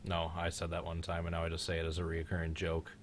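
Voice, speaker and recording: Deep-voiced joking young man. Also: monotone, quick pace, a little hiss or hum. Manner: joking, rambling. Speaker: live stream host. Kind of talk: casual live stream chat.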